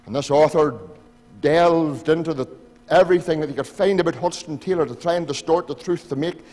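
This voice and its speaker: A Northern Irish pastor preaching a sermon in a church, pleading with his congregation and swinging from loud appeals to hushed asides. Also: a little high, fairly quick. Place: church sanctuary. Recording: church hall reverb.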